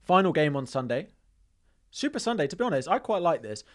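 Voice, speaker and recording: A man's voice: on the high side, sing-song, a little fast. A man, co-hosting a studio podcast and working through football points step by step. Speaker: podcast co-host. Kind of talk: casual football chat.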